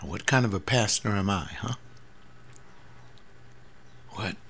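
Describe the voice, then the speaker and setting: A man's voice: on the low side, unhurried, a bit bright, a little hiss or hum. A man in his seventies, a pastor, talking earnestly in a rambling personal monologue, often repeating words. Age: 70s.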